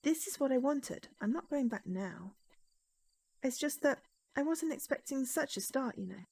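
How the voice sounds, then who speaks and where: A woman's voice: high voice, animated, moderate pace, vocal fry, darkish tone, slightly rough, voice pushed up, exaggerated voice. A woman voicing an earnest young heroine. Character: young woman heroine, shaken but determined.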